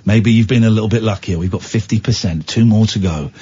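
A man's voice: lowish voice, fast talker, mellow, slightly rough, muffled recording. A man hosting a radio show, teasing and mocking his caller. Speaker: radio host.

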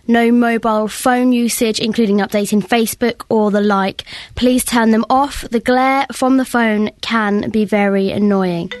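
A woman's voice: on the high side, a little mellow, no echo. Woman reading rules in a posh voice. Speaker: breakfast show team member. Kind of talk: reading rules aloud in a comic sketch.

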